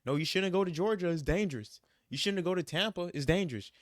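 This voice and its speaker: A man putting on a high, fretful voice to play a worried middle-aged mother who nags with one warning after another. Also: expressive, fast talker, no room sound, studio quality. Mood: nagging.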